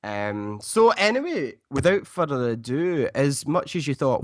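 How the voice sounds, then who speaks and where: A man hosting a casual fan podcast, excitable, often stammering and repeating words. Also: mid-range voice, measured pace, hardly any pauses, no echo, clean studio sound. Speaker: podcast host.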